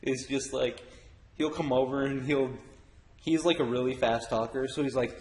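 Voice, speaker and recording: A man's voice: medium pitch, fairly even intonation, brisk, a little hiss or hum. Man, casual co-host, laughs and swears, echoey room. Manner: laughing, swearing, acts out quoted people. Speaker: podcast co-host. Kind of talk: casual chat.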